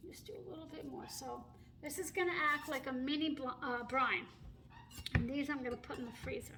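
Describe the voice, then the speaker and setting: A woman's voice: high-pitched, a bit bright, rough recording. A middle-aged woman chatting casually through a home cooking video in her kitchen, laughing often and apologizing as she goes, filming on a phone. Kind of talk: casual cooking vlog chat. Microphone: phone camera held and turned while cooking. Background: pet bird chirping faintly.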